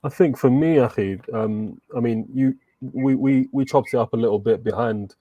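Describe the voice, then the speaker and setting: A man speaking as a guest in an online discussion, measured and reflective with frequent fillers. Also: mid-range voice, no room sound, phone-quality sound.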